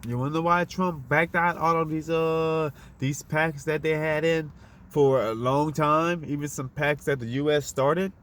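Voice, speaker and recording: A man's voice: on the high side, steady tone, measured pace, fairly bright tone. A man delivering a fiery, profane, unscripted monologue, firing off rhetorical questions in a preachy tone.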